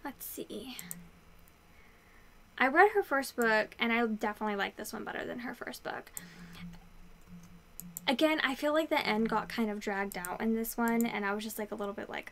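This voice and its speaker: Chatty young woman with a high voice. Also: moderate pace, pauses often, slight background noise. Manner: chatty, lots of "like" fillers. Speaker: book vlogger. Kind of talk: casual book review chat.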